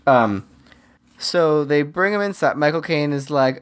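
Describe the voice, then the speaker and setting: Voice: medium pitch, normal speed. A podcast co-host casually retelling a movie's plot, acting out the characters' lines and laughing often. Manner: chatty storyteller, acts out quotes, laughs often.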